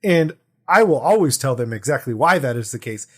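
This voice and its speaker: A man's voice: medium pitch, brisk, breathy edge. A man co-hosting a tabletop gaming podcast in casual, playful chat. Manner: animated, playful storytelling. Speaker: podcast co-host.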